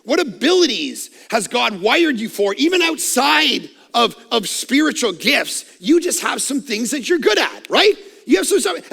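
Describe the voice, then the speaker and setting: A middle-aged pastor preaching in a long, echoing hall. His voice sits high and rough with heavy grit, and it cuts bright and forceful as he preaches at full energy and jokes at his own expense. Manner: energetic, loud preaching with self-mocking humor. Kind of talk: sermon. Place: church auditorium. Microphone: headset microphone.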